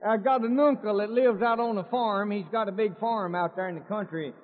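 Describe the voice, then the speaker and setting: A man's voice: high voice, fairly quick. A man with a Southern US accent doing folksy stand-up comedy on stage, rambling and mock-complaining in a drawl. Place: large theater hall. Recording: muffled 1950s radio recording, long hall reverb.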